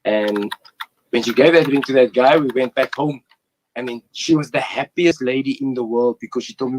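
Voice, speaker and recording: A man in his forties speaks at an ordinary middle pitch. He tells heartfelt stories in a relaxed interview chat. His delivery is earnest and warm with feeling. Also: fairly quick, rough recording. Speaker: former goalkeeper, interview guest.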